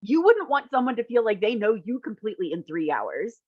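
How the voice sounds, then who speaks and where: Blunt, animated woman on a muffled call. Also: fairly high pitch, brisk, breathy edge, no room sound. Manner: animated, blunt, acts out quotes. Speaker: therapist and matchmaker. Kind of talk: casual panel chat.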